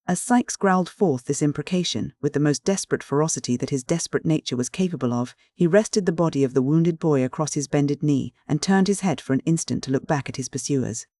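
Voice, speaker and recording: A man narrating a classic novel as an audiobook in a measured, even storytelling manner. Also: fairly high pitch.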